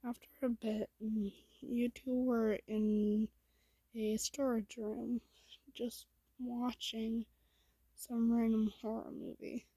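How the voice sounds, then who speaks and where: Woman storyteller, whispered role-play; breathy, slow, flat delivery. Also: on the high side, no echo, rough recording. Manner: soft, hushed and slow, with small slips.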